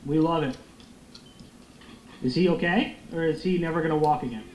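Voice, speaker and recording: A young man giving loud, excitable, profane commentary while playing a football video game. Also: fairly high pitch, normal speed, pauses often. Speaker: gaming streamer. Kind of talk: live gameplay commentary. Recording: echoey room with faint noise.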